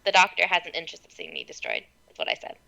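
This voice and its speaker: Woman, bright tone, lively pitch, giggly, fumbling for words, casual role-play. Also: rapid-fire, gravelly, rough recording. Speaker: tabletop game player.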